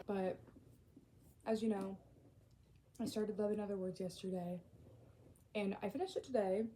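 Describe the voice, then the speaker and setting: A young woman vlogging about books she has read, gushing and excitable, repeating herself and often dropping into whispers. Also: mid-range voice, a little hiss or hum, poor audio. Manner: lots of repetition and swearing. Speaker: book vlogger. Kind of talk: casual reading vlog.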